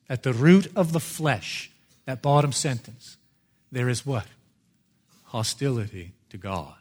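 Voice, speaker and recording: A male pastor delivering a sermon to a live congregation, emphatic, swinging between loud stresses and hushed asides. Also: a little high.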